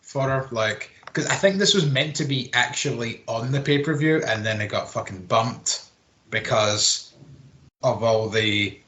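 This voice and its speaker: Bright-voiced man recapping casually. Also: mid-range voice, expressive, moderate pace, highs cut off. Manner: rambling, sweary play-by-play with filler words. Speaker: podcast co-host. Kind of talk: casual wrestling recap chat.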